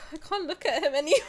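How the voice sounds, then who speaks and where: A young woman reacts casually on a stream, emotional and laughing, swearing freely. Her voice is high and very lively, and she talks at an unhurried pace. Faint game music sits in the background.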